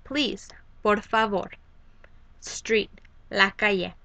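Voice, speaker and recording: A woman's voice: mid-range voice, slow, vocal fry, pushed and bright, no echo. A young woman casually teaching a Spanish lesson, rambling with many ums and self-corrections. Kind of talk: casual online language lesson.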